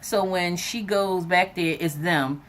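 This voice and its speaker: A woman with a slightly low voice chats through a TV episode recap, loose and animated, dropping "like" and "whatever" everywhere. Faint hiss sits under her voice. She jumps into the characters' lines as she goes. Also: slow. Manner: frequent fillers like "like" and "whatever". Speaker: TV episode reviewer.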